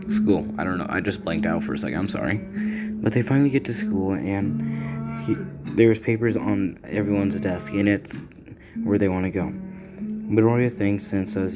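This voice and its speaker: A man casually making up and narrating a story, rambling and halting as he goes. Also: lowish voice. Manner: rambling, halting, loose and informal.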